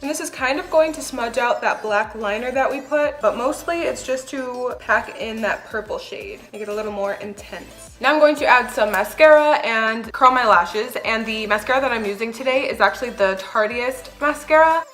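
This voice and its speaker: A woman's voice: fairly high pitch, moderate pace, hardly any pauses, fairly bright tone. Chatty young woman doing a makeup tutorial. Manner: chatty step-by-step explaining with light laughs. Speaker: beauty vlogger. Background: background music.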